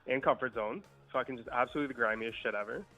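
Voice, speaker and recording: A man's voice: medium pitch, quick pace, bright, forceful tone, poor audio. Young guy telling a crazy party story, swears a ton, chill delivery, faint music behind. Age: young adult. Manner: profane, laid-back anecdote telling. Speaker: guest storyteller. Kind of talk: casual podcast storytelling.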